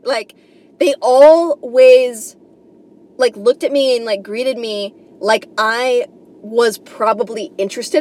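A young woman from New York rambles through a comedy podcast monologue, swearing freely and filling her sentences with "like" and "you know". Her voice sits a little on the high side. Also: steady tone, slow, a little mellow, slight background noise. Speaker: podcast host.

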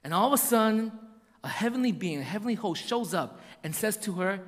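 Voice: medium pitch, expressive, brisk. A preacher giving a conversational sermon, with slangy asides and frequent check-ins with the listeners. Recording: long hall reverb.

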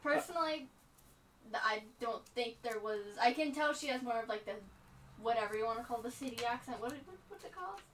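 A woman's voice: a little high, lively intonation, fairly bright tone, far from the mic, a little hiss or hum, rough recording. Young girl, bit off-mic, chiming in. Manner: quick interjections, curious questions. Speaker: co-host, daughter. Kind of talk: casual chat.

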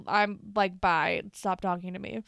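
A woman's voice: fairly low pitch, measured pace, gravelly, clean tone, dry recording, highs cut off. A young woman co-hosting a podcast, animatedly retelling episode scenes and acting out the lines. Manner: animated retelling with quoted voices and swearing. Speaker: podcast co-host. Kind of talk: casual recap chat.

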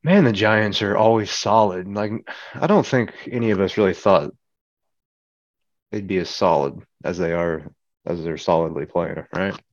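A man with a fairly low voice rambles playfully through podcast banter. The recording is dry and a little dull. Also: moderate pace, no echo. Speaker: podcast co-host. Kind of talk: casual chat.

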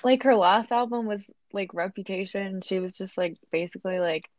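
A woman's voice: mid-range voice, normal speed, darkish tone. A young woman co-hosting a casual podcast chat, rambling with lots of fillers. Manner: chatty, uses many fillers. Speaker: podcast co-host.

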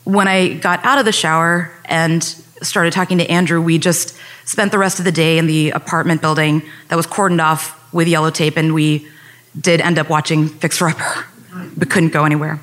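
A woman's voice: low voice, fairly even intonation, normal speed, fairly bright tone. Earnest woman telling a true story. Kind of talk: personal story told on stage.

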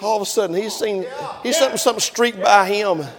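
A man preaching a sermon, telling stories in a folksy way and building up to shouting. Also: sits high, fast talker, big-room sound, a loud crowd.

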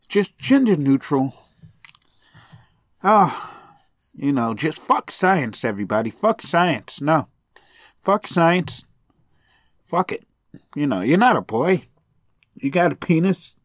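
Brief: male podcast host, sarcastic and profane, lively pitch swings, dry close sound. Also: slow, long pauses, dry recording. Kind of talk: sarcastic solo podcast rant.

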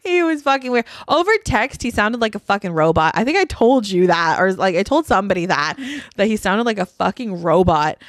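A woman's voice: medium pitch, expressive, a little fast, dry recording, clean studio sound. A young woman co-hosting a podcast, telling a story casually and bluntly, swearing a lot and often laughing. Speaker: podcast co-host. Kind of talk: casual chat.

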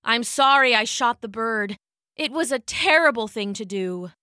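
A woman's voice: a little high, animated, a little slow, pushed and bright, no echo, studio quality. A woman voicing a young man who pleads weakly and thickly as his strength is drained. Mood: drowsy.

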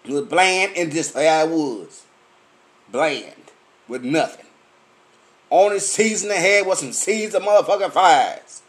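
A man's voice: fairly high pitch, animated, measured pace. A man, ranting angrily and profanely about food in a swaggering comic way. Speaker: vlogger. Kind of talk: profane rant.

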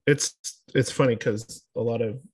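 A man's voice: mid-range voice, fairly even intonation, moderate pace, a little mellow, husky. Chatty young man rambling along. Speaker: podcast co-host. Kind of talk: casual chat.

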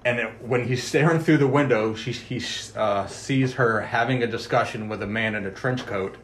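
A man's voice: mid-range voice, moderate pace, fairly bright tone, a little hiss or hum. A man chatting casually on a podcast, walking through an episode beat by beat. He tells it like a storyteller and drops into the characters' quoted lines as he goes. His voice sits in an ordinary middle register. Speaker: podcast co-host. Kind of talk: casual chat recapping a TV episode.

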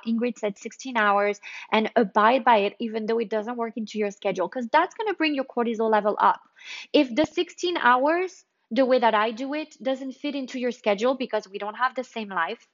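A woman's voice: on the high side, a bit bright, muffled recording. A woman hosting a podcast, talking casually and wandering off on tangents before restating her point. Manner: chatty, digressive, restates points. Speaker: podcast host. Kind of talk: casual health talk monologue.

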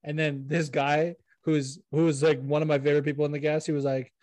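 A man's voice: fairly high pitch, flat delivery, brisk, a little mellow, dry recording. A young man hosting a podcast in casual chat, rambling and self-deprecating, swearing now and then. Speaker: podcast host.

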